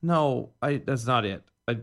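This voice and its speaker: A man's voice: medium pitch, measured pace. A man co-hosting a casual podcast, earnest and emphatic, often repeating words as he builds his point. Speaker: podcast co-host. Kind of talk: casual chat.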